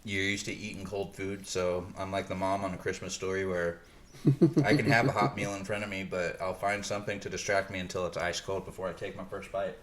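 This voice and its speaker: A man's voice: low voice, steady tone, brisk, a bit bright, slight background noise. A man co-hosting a podcast, chatting casually and explaining things in detail. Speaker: podcast co-host. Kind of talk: casual chat. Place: North Carolina.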